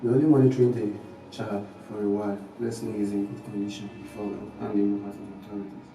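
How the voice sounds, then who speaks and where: A man with a Nigerian accent playing a calm doctor who explains things plainly. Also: lowish voice, quick pace, far from the mic, lightly acted. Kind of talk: film acting. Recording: echoey room from afar with music.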